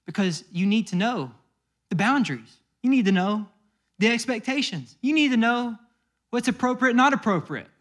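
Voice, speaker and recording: A man's voice: very high voice, expressive, moderate pace, a bit bright. A man preaching a sermon, telling stories in a loose, conversational way and acting out the people in them. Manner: conversational storytelling with acted quotes. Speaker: pastor.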